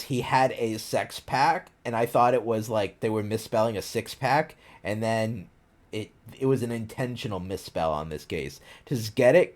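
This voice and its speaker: A man's voice: medium pitch, darkish tone. A man streaming himself reading a fan fiction aloud, breaking off for sarcastic, incredulous asides. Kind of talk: reading a fanfic aloud with comments.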